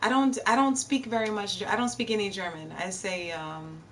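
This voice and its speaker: A woman's voice: medium pitch, fairly even intonation, brisk, fairly bright tone, recorded from a distance, a little hiss or hum. A woman live streamer chatting casually and answering her viewers' chat messages. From Virginia, USA. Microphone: streaming setup.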